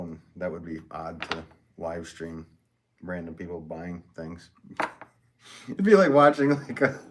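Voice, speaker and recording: Rambling man chatting on a live stream. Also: deep voice. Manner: rambling and easygoing, many fillers, laughs often. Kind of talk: casual live-stream chat, reading viewer comments. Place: pottery studio at the wheel. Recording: steady background noise in the room.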